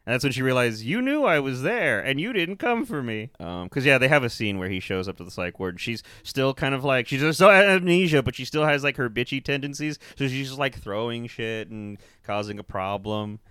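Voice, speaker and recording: A man's voice: mid-range voice, a little fast, hardly any pauses, sharp tone, clean tone, no room sound, clean studio sound. A man co-hosting a podcast, chatting casually and animatedly about a film, laughing often and swearing. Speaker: podcast co-host. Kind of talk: casual movie review chat.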